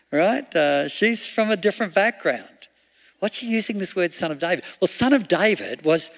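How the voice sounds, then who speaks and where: A man's voice: high voice, a bit bright. A male preacher giving a chatty sermon, often laughing and asking rhetorical questions. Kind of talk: conversational sermon. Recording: long hall reverb.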